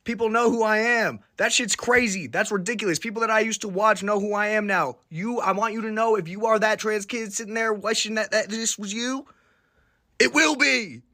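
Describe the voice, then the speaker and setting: A man's voice: high-pitched, moderate pace, pushed and bright. A young man talking straight to viewers in a put-on Southern accent, swearing casually and giving an earnest pep talk. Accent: put-on Southern US drawl. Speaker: content creator. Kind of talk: casual direct-to-camera monologue.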